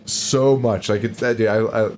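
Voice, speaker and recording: A man co-hosting a podcast in casual chat, recapping a movie in an animated, profane way. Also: fairly low pitch, moderate pace. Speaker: podcast co-host.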